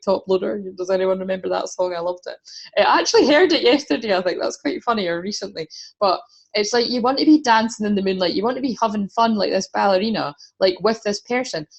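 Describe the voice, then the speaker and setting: A woman's voice: medium pitch, vocal fry. A woman giving a casual tarot reading, chatty, swearing freely and laughing often. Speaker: tarot reader.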